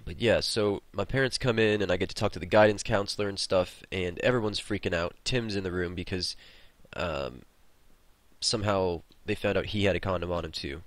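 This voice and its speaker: Low-voiced rambling gaming host. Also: male voice, a little fast, no room sound. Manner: rambling, swears freely. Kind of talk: casual storytelling over gameplay.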